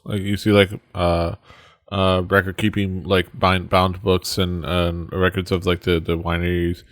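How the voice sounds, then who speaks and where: A fairly low-pitched man narrates as game master, stumbling through his descriptions with fillers and restarts. The sound is close and dry, with no room echo. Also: little pitch movement, unhurried. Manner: hesitant, many fillers and restarts.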